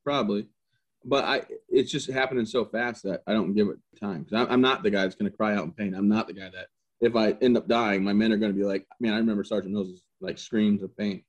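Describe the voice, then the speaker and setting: Lively low-voiced man telling war stories. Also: quick pace, muffled recording. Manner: animated, jokey, acts out quotes and gun sounds. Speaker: interview guest, army veteran. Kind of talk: casual storytelling.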